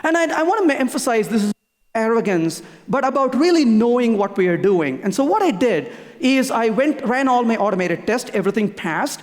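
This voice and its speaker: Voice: medium pitch, sing-song, a little fast. A conference speaker giving a technical talk, hammering home key points by repeating them, with frequent restarts. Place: conference hall. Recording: long reverb of a large hall.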